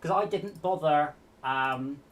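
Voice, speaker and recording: A man's voice: on the high side, slow, slight background noise. Man rambling through anecdotes. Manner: rambling anecdotes with many restarts. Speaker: stream host. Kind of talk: casual chat.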